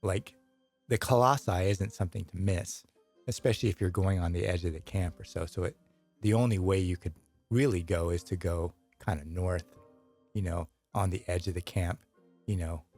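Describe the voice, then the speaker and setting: A man's voice: low voice, normal speed, darkish tone, soft background music. A man running a tabletop game as game master, narrating in a loose, rambling way and laughing often.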